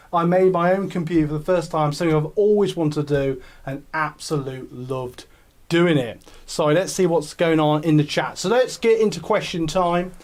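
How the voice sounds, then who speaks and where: A chatty English man hosts a casual live stream from his home setup, with a voice that sits a little higher than most men's. He rambles easily, full of ums and self-corrections, as he talks to viewers. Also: a little mellow. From England. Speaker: YouTube channel host.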